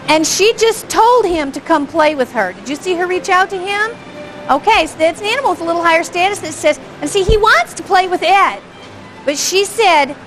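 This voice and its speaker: A high-pitched woman talks a class through dog-play footage in a chatty, engaged way. She keeps asking her listeners whether they caught each moment and chuckles often. Music plays clearly behind her. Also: animated, normal speed, long pauses, a bit bright, low-quality recording. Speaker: dog behavior instructor. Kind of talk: live commentary on home video for a class.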